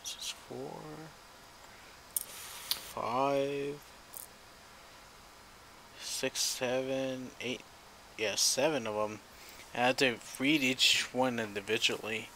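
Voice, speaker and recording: A man's voice: mid-range voice, steady tone, slow pace, pauses often, bright, forceful tone, a little hiss or hum, rough recording. A tipsy man chatting loosely while soldering, swearing now and then. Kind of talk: casual chat while soldering.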